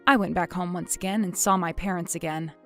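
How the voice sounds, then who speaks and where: A woman's voice: on the low side, steady tone, a little fast, faint music behind. A woman narrating her own story and voicing her outraged character in a dramatized telling. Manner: indignant, outraged outbursts.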